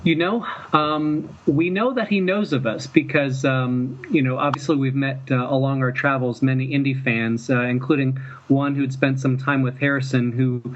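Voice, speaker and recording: A man from Mississippi, a fan filmmaker guest, telling stories in a rambling, halting way and chuckling often. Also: medium pitch, steady tone. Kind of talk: casual storytelling interview. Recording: dull lo-fi with faint noise.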